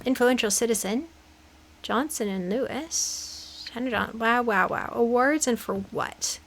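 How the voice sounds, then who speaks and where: A woman's voice: on the high side, a little slow, a bit bright, a little hiss or hum, low-quality recording. A young woman casually commenting as she plays a creepy game, chatty and jokey, dropping into nervous whispers. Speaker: gaming video host.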